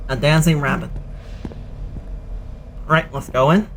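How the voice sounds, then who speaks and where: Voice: mid-range voice, slow, fairly bright tone, a little hiss or hum. A gaming host giving sarcastic running commentary while playing a horror game, tired and yawning. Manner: wry, sarcastic running remarks.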